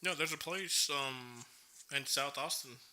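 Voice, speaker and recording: A man's voice: medium pitch, measured pace, pushed and bright. A young man co-hosting a casual podcast chat, giggling often and saying "dude" and "bro". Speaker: podcast co-host. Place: podcast studio.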